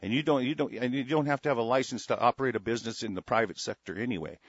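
A middle-aged man reads news stories aloud, then breaks into angry, sarcastic rants full of swearing, a profane commentary on the news. His mid-range voice is husky and he talks very fast. The recording is lo-fi with no echo.

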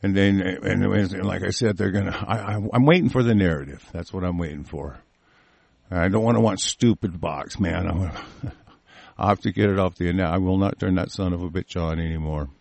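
A man's voice: deep voice, a little fast, gravelly, a little mellow, no echo. A man from the United States giving a heated, profane rant and reading news aloud in between. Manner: profane, heated, swearing constantly. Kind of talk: angry ranting monologue, reading news aloud.

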